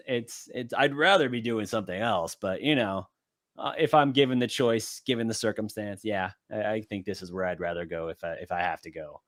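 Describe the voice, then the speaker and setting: A man co-hosting a podcast, chatting casually through an episode recap and acting out character lines in quick bits. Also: lowish voice. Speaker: podcast co-host. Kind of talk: casual anime recap chat.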